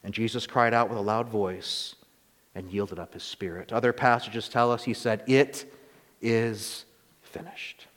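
A man's voice: lowish voice, fairly even intonation, normal speed, a bit bright. A man preaching a sermon, reading scripture aloud and stopping to explain it with rising intensity. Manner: reads scripture then comments with rising intensity. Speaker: pastor. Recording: long reverb of a large hall.

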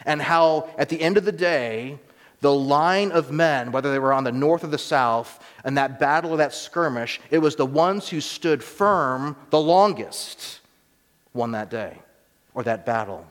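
An American man preaching a sermon in a church, earnest and measured, slowing down and dropping to a hush on key words. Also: on the high side, expressive. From United States. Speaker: pastor. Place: church sanctuary. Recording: long hall reverb.

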